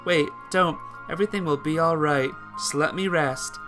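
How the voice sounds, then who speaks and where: A man's voice: fairly high pitch, normal speed, music in the background, pitched above the performer's own voice, lightly acted. A man voicing a weak, faltering young woman. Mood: weak, pleading.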